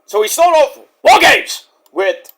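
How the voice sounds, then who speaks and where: A man hosting a casual, profane wrestling review, jokey and animated, who keeps breaking into impressions. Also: very high-pitched, slow. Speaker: wrestling reviewer, channel host.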